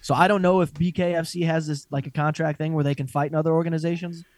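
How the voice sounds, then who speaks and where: A young man in casual podcast banter, cursing and laughing his way through fight talk. His voice sits a little high and sounds close and dry, with no room around it. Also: quick pace, dry recording. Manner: profane, animated, laughs often. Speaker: podcast co-host. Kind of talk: casual chat.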